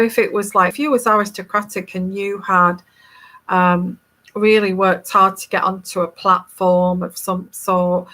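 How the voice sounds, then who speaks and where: A woman's voice: fairly low pitch, pushed and bright. A woman with a neutral English accent, a tarot reader talking casually to viewers in a rambling, emphatic and scornful way.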